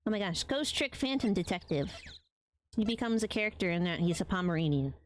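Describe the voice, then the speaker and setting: A woman's voice: mid-range voice, expressive, fairly quick, slight background noise. A young woman streamer chatting casually while playing a game, rambling with many ums. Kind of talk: casual let's-play commentary.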